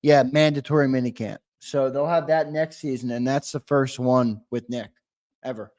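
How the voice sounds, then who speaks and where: A man's voice: medium pitch, steady tone, normal speed, darkish tone. A young man co-hosting a sports talk show, blunt and teasing, swearing freely. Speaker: co-host.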